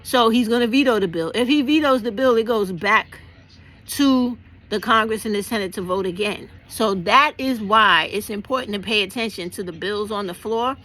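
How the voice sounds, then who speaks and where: A woman's voice: mid-range voice, moderate pace, fairly bright tone. A woman talking bluntly and passionately to her viewers, swearing freely as she explains civic action. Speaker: vlogger. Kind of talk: casual political talk to camera.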